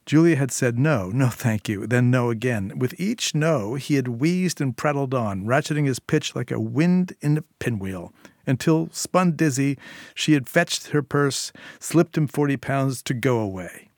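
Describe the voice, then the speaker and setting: A man's voice: medium pitch, expressive, a little slow, a little mellow, no echo, studio quality. Man reading a tense short story. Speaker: narrator. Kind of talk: scripted short story narration.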